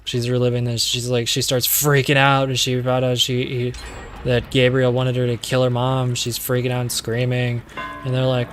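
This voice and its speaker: A young man rambling through a plot recap while playing, cursing offhandedly and drifting off track. His voice sits at an ordinary middle pitch, with a faint hum of background noise. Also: completely flat delivery, a little fast. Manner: rambling, swearing, distracted by game. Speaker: streamer. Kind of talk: casual movie recap while gaming.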